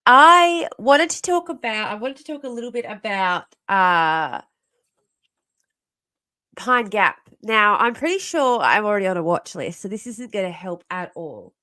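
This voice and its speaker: A woman's voice: medium pitch, expressive, unhurried, pushed and bright. A woman in her thirties hosting a casual livestream from home, rambling and self-interrupting, often laughing to herself. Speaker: livestream host.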